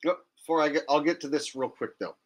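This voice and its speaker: A man's voice: on the high side, fast talker. A man hosting a livestream, talking in a blunt, defiant and profane way. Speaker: livestream host. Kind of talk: casual livestream rant.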